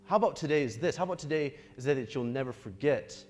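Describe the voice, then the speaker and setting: An earnest young man preaching a sermon at a middle pitch. He repeats himself as he builds, then sinks into quiet, prayerful lines. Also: expressive, fast. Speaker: pastor.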